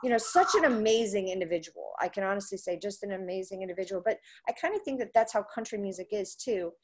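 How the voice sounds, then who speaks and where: Woman, radio personality, casual storytelling, animated, mid-pitched voice. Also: quick pace. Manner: animated storyteller who acts out quoted voices. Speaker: guest, country music radio personality. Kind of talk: casual anecdote telling.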